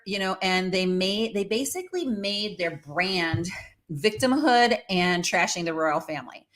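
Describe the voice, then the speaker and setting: A woman's voice: medium pitch, unhurried, a bit bright. A woman hosting her own show, giving casual, opinionated commentary on celebrity news with lots of fillers and asides. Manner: chatty and opinionated, with many fillers. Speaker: host.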